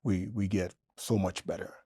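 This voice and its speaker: A man in his sixties, an interview guest telling a story in a lively way, jumping up in pitch when he quotes himself. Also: moderate pace, slightly rough, no echo. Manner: animated storyteller, jumps high in pitch when quoting himself.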